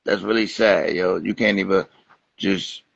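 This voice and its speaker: A man from Atlantic City, talking as a guest rapper in a casual interview, telling animated, profane stories. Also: low-pitched, a little slow, gravelly, slightly rough, no room sound. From Atlantic City, New Jersey. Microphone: Instagram Live stream. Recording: lo-fi livestream audio.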